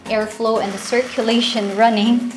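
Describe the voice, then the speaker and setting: A woman's voice: fairly high pitch, fairly even intonation, moderate pace, music in the background. Chatty Filipino woman giving a house tour. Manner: chatty and playful, joking with viewers, mixing in Tagalog. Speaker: real estate house tour host. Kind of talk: casual walkthrough tour. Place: inside a large house, walking room to room.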